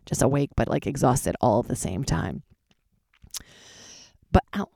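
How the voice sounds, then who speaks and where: Tired woman comic with vocal fry. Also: a bass voice, expressive, unhurried, mellow, dry recording, studio quality. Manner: candid and loose, swears freely. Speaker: stand-up comedian and podcast host. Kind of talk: casual solo podcast chat. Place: closet.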